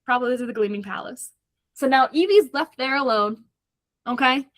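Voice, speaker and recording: A woman's voice: high-pitched, normal speed, a bit bright, dry recording. A woman co-hosting a casual book club podcast, animatedly retelling the plot and acting out the characters' lines. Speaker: podcast co-host.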